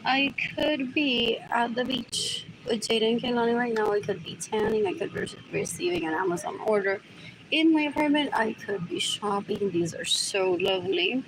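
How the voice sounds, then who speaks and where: A woman's voice: on the high side, normal speed, noisy background. A woman livestreaming from her apartment in a rambling monologue. She repeats the same short question again and again and switches between English and Spanish mid-sentence.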